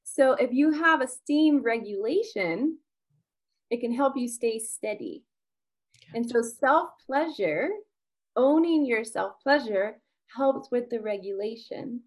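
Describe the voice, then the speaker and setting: A woman co-hosting a podcast, calmly explaining points from a list in a measured way. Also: a little high. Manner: measured, explanatory, soft agreement noises. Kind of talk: explaining a list in casual chat.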